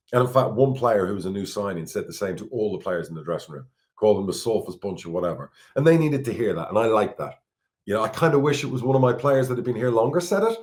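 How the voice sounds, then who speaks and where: Blunt, deep-voiced Irish chairman. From Ireland. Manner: blunt, swears freely, repeats words when worked up. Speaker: football club chairman, podcast co-host. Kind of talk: candid podcast chat.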